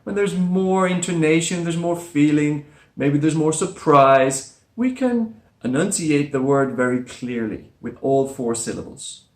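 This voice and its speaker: Slow, careful male English teacher. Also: fairly high pitch, animated, reverberant. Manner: repeats words slowly with exaggerated stress. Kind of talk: slow, careful pronunciation lesson.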